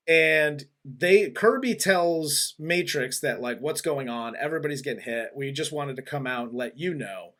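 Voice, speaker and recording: A man hosting a casual movie review chat, retelling scenes in a rambling, animated way with frequent laughs and swearing. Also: medium pitch, a little slow. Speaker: movie review podcast host.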